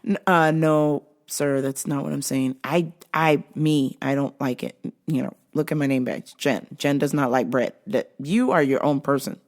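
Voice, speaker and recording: A young woman telling a comic work story, animated and quick to laugh. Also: low-pitched. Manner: lively, laughing, swearing, animated.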